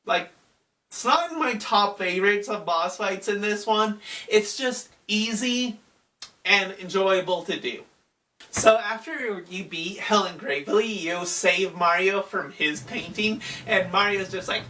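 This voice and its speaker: A woman casually recapping a video game in a chatty, relaxed way, with frequent fillers. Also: medium pitch, unhurried, far from the mic, slight background noise. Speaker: gaming video host.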